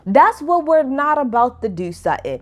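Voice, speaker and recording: A woman's voice: high-pitched, big pitch swings, normal speed. A woman recapping a reality show in a sassy, ranting vlog with heavy cursing. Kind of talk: casual recap commentary.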